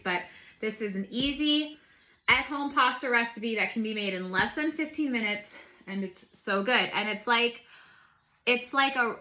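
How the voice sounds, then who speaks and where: A woman's voice: medium pitch, pushed and bright. A woman hosting a casual home cooking video, chatty and bubbly with playful asides, in her home kitchen.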